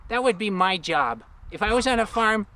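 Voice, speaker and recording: A woman's voice: mid-range voice, expressive, normal speed, sharp tone, a little hiss or hum. A woman voicing a cheerful, curious puppet friend on a children's show, eager and full of wonder. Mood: sweet. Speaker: show regular.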